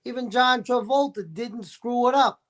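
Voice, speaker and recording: Brief: high-pitched man, enthusiastic storyteller, casual guest chat. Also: normal speed, fairly bright tone. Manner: enthusiastic storyteller with gravelly impressions.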